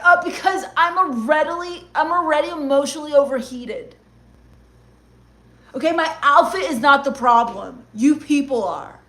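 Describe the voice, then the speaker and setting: A woman with a high voice reads chat messages on a comedy livestream. She answers them with sarcastic, gloomy, mock-goth rants. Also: normal speed, fairly bright tone.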